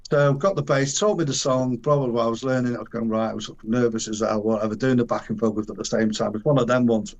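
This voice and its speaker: An older man spins a rambling story for an interviewer, full of slang and half-finished restarts. He slips into the voices of the people in his tale and breaks off with little chuckles. His voice sits at an ordinary middle pitch. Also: fast, hardly any pauses, dull audio. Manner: animated, acts out quoted voices, frequent restarts and chuckles; colloquial, earthy slang. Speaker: interview guest. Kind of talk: casual storytelling anecdote.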